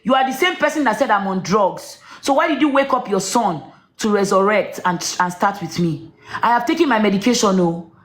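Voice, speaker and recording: A woman ranting on a livestream, shouting accusations and rhetorical questions at someone. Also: mid-range voice, expressive, fairly quick, roomy sound. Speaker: social media livestreamer. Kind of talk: angry live-stream rant.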